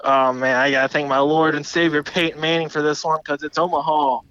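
A man's voice: a little high, level tone, a little fast, fairly bright tone, dry recording, highs cut off. A man playing a trivia game on a podcast, joking and trash-talking the hosts. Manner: playful, mock-indignant trash talk. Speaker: trivia caller. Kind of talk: joking call-in banter.

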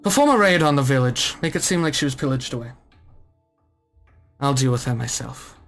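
A man's voice: medium pitch, expressive, brisk, gravelly, fairly bright tone, faint music behind. A man voicing a stern, white-haired elven zealot who speaks in a solemn, archaic, commanding way.

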